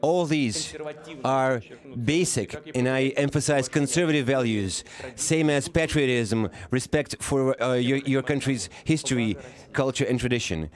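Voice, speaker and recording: A man giving a live interpretation of a formal speech, halting and often pausing to correct himself. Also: medium pitch. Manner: halting, with frequent pauses and self-corrections. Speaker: simultaneous interpreter.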